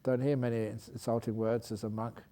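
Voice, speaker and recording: Speaking briskly and flatly, a Buddhist monk with a dark, medium-pitched voice tells a joke in a humorous dharma talk. He keeps it playful, laughing at his own story and stopping to set it straight.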